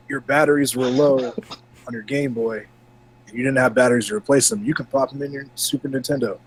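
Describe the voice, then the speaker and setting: A man co-hosting a casual gaming podcast, talking in a relaxed, chatty way while bothered by hiccups. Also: medium pitch, fairly quick, breathy edge, poor audio. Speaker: podcast co-host.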